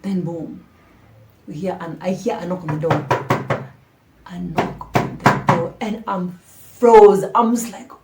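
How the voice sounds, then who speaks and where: A woman recounts an embarrassing story for her vlog audience in a lively, slangy voice. She swings from dramatic emphasis to near-whispered asides. The room around her is echoey, with faint background noise. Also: on the low side, unhurried, long pauses. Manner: animated, dramatic, slangy, drops to hushed asides. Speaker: storytime vlogger. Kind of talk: casual storytelling to camera. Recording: roomy echo.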